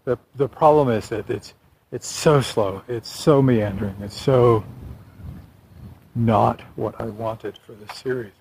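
A man's voice: mid-range voice, unhurried, gravelly, a little mellow, slightly rough, low-quality recording. A man talking through his writing plans in a casual walking vlog, rambling and correcting himself with a wry tone. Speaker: vlogger and novelist.

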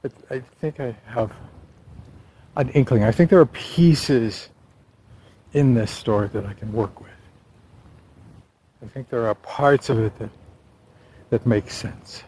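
A man's voice: medium pitch, slow, long pauses, warm tone, slight background noise, low-quality recording. A man talking through his writing plans in a casual walking vlog, rambling and correcting himself with a wry tone. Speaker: vlogger and novelist.

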